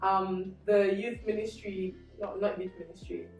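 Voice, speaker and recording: A woman's voice: mid-range voice, unhurried. Young woman with a slight Australian accent. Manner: animated storyteller, acts out dialogue. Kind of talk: casual group discussion. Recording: roomy room, distant mic, faint music.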